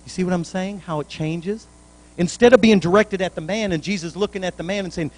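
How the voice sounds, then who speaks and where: A man's voice: sits high, brisk, darkish tone, poor audio. A male pastor preaching a sermon in a church, in a folksy, plainspoken way with colloquial grammar.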